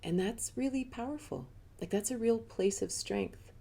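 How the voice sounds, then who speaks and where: A woman's voice: a little high, expressive, normal speed, gravelly, dark tone, husky. A middle-aged woman giving a live talk as a spiritual teacher, telling personal stories candidly and chattily, often laughing.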